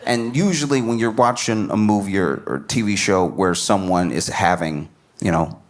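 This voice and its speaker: A man's voice: deep voice, moderate pace. A man doing a stand-up comedy set, riffing with disbelief and repeating his lines for effect.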